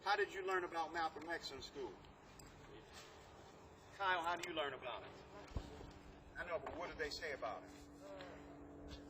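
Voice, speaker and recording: A man's voice: on the high side, a little slow, pauses often. A man mentoring a group outdoors, talking emphatically and drawing responses from his listeners. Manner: emphatic, calls for audience responses. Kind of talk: interactive workshop talk. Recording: outdoor noise with passing traffic.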